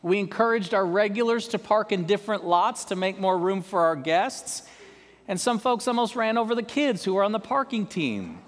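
A man's voice: high voice, very animated, normal speed. A man preaching a sermon to his congregation, conversational, with joking asides to the listeners. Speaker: pastor. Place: church sanctuary. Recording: long hall reverb.

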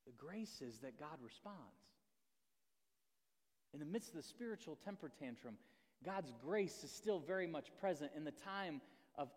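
Man, pastor, conversational sermon, high voice, long hall reverb. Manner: conversational, self-deprecating, asks the audience questions.

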